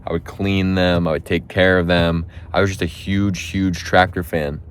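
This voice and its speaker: A man voicing a woman on a date in a joke, earnestly rambling about her past, in his low voice. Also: little pitch movement, normal speed, a little hiss or hum, close to an everyday voice. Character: woman on a date telling her life story. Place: outdoors on a golf course.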